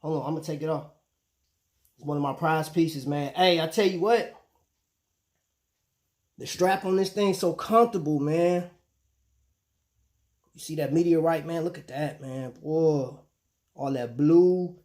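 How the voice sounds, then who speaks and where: A fairly high-pitched, slightly mellow male voice moves unhurriedly, leaving long pauses. He's hosting a laid-back live stream, talking loosely with his audience and tossing "man" and "bro" into most of his lines.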